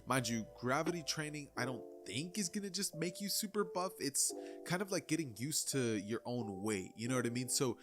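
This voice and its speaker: A man's voice: medium pitch, lively intonation, moderate pace, hardly any pauses. A man casually narrating an anime what-if story in a rambling, conversational way, full of fillers. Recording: narration over clear background music.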